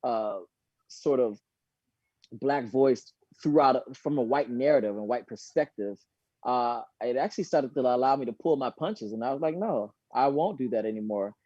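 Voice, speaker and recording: Animated slangy guy chatting on his phone, dull muffled sound, dry. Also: medium pitch, normal speed, no echo. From Florida. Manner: animated, slangy, laughs often. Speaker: guest dancer. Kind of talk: casual chat.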